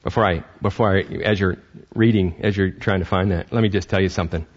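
A man preaching a sermon as pastor, animated, acting out voices and often restarting his sentences. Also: low-pitched, fairly quick, highs cut off.

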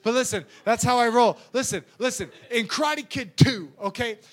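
A young adult man preaching as a youth pastor, telling stories in a lively, animated way. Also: extremely high pitch, normal speed. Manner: animated storytelling with sound effects and acted voices.

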